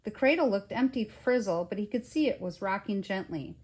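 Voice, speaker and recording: Older woman, storyteller, children's picture book, lively sing-song reading. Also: mid-range voice, brisk.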